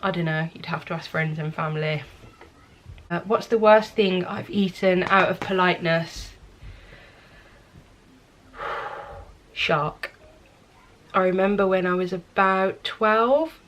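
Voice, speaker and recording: Filming a laid-back vlog indoors at home, this young woman from England speaks with a Birmingham accent and a fairly low, fairly bright voice. She talks slowly with frequent pauses, chatting candidly and self-deprecatingly about herself. Her camera mic catches a little background noise.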